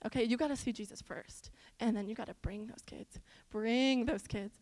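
A young woman from the Midwest delivers a casual sermon as a children's minister. Her voice sits high, and she swings between loud, emphatic exhortation and quiet, slangy asides. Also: steady tone, normal speed, low-quality recording.

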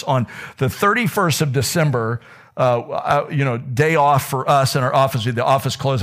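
A middle-aged man preaching a sermon as pastor, telling stories with animation and a voice that climbs high when excited.

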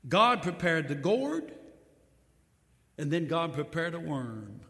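A man's voice: a little high, big pitch swings, takes it slowly, vocal fry, a bit bright. A man preaching a sermon, telling the story in a folksy way with emphatic repetition, in a church hall. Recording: long hall reverb.

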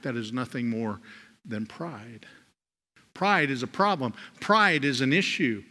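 A man preaching a sermon, swinging from loud, rising emphasis to soft, low drops. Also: expressive, measured pace. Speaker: pastor. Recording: long hall reverb.

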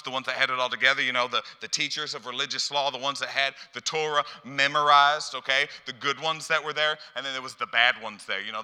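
A man's voice: mid-range voice, sharp tone. A man preaching a sermon as a pastor, telling stories and acting out dialogue with lots of repeated phrases. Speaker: youth pastor. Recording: long hall reverb.

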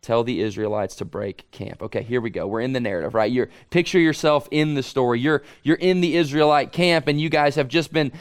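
Male pastor mid-sermon, earnest and emphatic, repeats lines for weight, voice on the higher side. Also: fairly quick, hardly any pauses, smooth.

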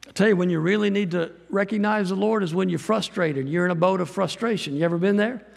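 A high-pitched man preaches in a folksy, animated way, his voice thick with gravel. It rings out with a long reverb, as in a big church hall. He often slips into acted-out quotes. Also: quick pace. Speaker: pastor and missionary. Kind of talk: sermon.

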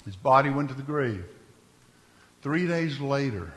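A man's voice: medium pitch, lively intonation, unhurried, long pauses. Preacher man in echoey hall. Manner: swings from hushed storytelling to shouted exclamations; folksy, humorous asides. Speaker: pastor. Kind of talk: sermon. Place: church sanctuary.

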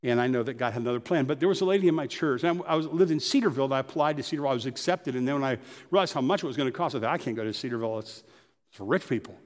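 A pastor telling personal stories in a conversational sermon. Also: male voice, medium pitch, very fast, hardly any pauses, in a large hall. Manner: storytelling, conversational.

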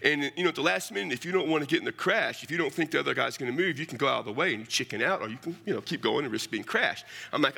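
Gravelly, bright-voiced folksy preacher man. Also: medium pitch, lively intonation, racing, few pauses. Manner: folksy and humorous, addresses listeners as "man". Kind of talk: storytelling sermon.

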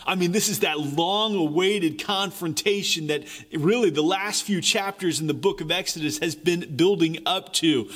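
A man preaching a sermon, reading scripture and then retelling the story in a lively, conversational way. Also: fairly high pitch. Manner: animated storytelling, paraphrases characters in lively voices. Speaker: pastor.

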